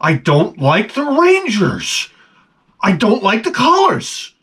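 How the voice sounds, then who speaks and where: A man's voice: sits high, wildly swooping pitch, slow, a bit bright, slightly rough, voice pushed up, full character voice. A man mimicking a touchy, fussy coworker who corrects people. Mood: indignant. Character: fussy grown male coworker, touchy collector.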